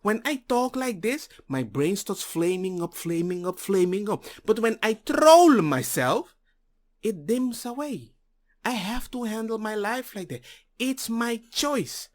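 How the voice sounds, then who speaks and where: A man's voice: sits high, sing-song, unhurried. A man from the Caribbean ranting in a jokey commentary video, mocking others as he goes.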